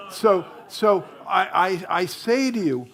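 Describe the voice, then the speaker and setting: A minister giving a sermon in a chatty storytelling way, full of fillers and restarts. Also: male voice, high voice, animated, slow, gravelly, noisy background.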